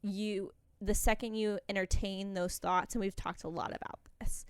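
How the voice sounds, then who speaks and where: Smooth candid young woman chatting. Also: mid-range voice, level tone, moderate pace, dry recording. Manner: candid, rambling, with frequent laughs. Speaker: podcast co-host. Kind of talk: casual chat.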